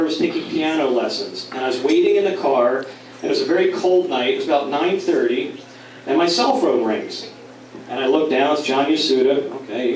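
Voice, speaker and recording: A man's voice: a little high, a little mellow. A middle-aged man from Philadelphia telling a self-mocking story at a company dinner, acting out the other voices. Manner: playful, self-mocking, acts out quoted voices. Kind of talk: storytelling speech. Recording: distant, very echoey, noisy room mic.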